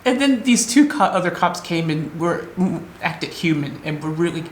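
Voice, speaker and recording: Shaken vlogger from the United States, animated rambling retelling, echoey room, faint hiss. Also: mid-range voice, moderate pace. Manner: animated retelling with quoted voices, rambling restarts. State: emotionally shaken. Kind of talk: emotional storytelling vlog.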